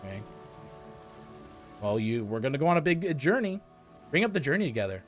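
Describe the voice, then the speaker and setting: Male streamer, mid pitch, casual excitable commentary, faint music bed. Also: normal speed. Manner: excitable, swears, reads game text aloud.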